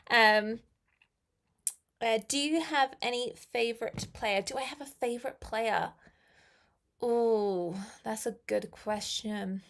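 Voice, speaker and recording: British woman, live-stream English teacher, young, slow and unhurried, gravelly edge, chatty with viewers. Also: a little high, a bit bright. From England. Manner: chatty, reads viewer comments aloud, laughs often.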